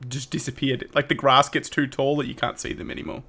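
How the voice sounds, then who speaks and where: Bright-voiced man running a game. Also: mid-range voice, little pitch movement, a little fast. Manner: rambling, with many fillers and restarts. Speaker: game master. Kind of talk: narrating a tabletop horror game.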